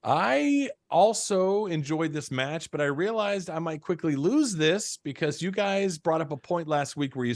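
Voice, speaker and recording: A man co-hosting a casual podcast, full of laughs and eager reactions. His voice is gravelly and slightly high, and his pitch jumps around a lot. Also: dry recording. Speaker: podcast co-host. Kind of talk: casual chat.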